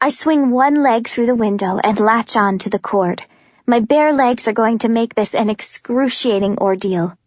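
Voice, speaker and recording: A woman's voice: fairly high pitch, dry recording. A woman narrating a first-person audiobook with an urgent, breathless telling. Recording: slightly dull, dry recording.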